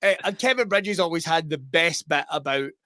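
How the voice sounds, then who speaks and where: Bright, high-pitched podcast host. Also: male voice, moderate pace, no echo, clean studio sound. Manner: laughing, swearing, animated storyteller. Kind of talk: casual chat.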